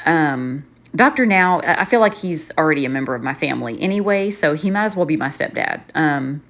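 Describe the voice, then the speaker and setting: A woman's voice: sits low, lively intonation, brisk, a bit bright. A woman vlogger chatting casually while setting up her planner, rambling and poking fun at herself. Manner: rambling, chatty and self-mocking, often trailing off.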